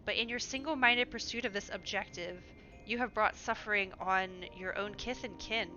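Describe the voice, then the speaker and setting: A woman's voice: medium pitch, normal speed, pushed and bright, dull audio, soft background music, close to an everyday voice. A woman reading an earnest young diplomat.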